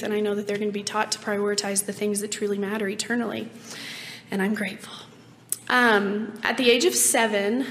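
A hoarse woman in her late twenties giving an earnest, reflective personal faith testimony, with many ums. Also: mid-range voice. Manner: earnest and reflective, with frequent ums and light laughs. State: hoarse, rough-voiced. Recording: long reverb, faint background noise.

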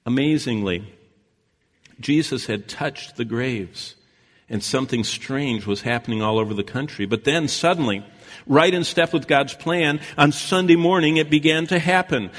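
A male preacher delivering a sermon as dramatic storytelling, rising loud and then dropping to a hush. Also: medium pitch, big-room sound.

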